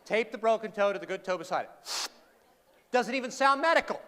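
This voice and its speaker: High-voiced man telling comic stories in a hall. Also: lively intonation, fairly quick, fairly bright tone. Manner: dry, sarcastic, chatty with the audience. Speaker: humorous speaker. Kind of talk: comic keynote storytelling. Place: large hall with an audience. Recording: reverberant hall, faint noise.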